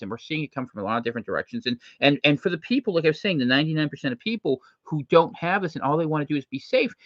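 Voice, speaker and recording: Guy hosting a casual talk show, jokey and animated, voice jumps around a lot, dry, kinda lo-fi. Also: medium pitch, no room sound. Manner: animated, jokey, slips into quick impressions. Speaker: host. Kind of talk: casual unscripted commentary. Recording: dry, slightly muffled lo-fi recording.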